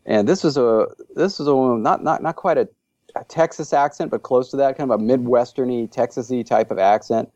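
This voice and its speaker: Appearing as a podcast guest, this man, who creates languages, chats enthusiastically and rambles with lots of fillers. His medium-pitched, mellow voice runs a little fast, captured with no room sound and the highs cut off.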